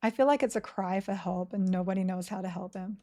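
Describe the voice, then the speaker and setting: A woman's voice: medium pitch, steady tone, mellow. A woman chatting casually with viewers on a live game stream, laughing often and running her words together. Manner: chatty, laughs often, reads chat aloud; talks slowly, words run together. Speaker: streamer playing an online game.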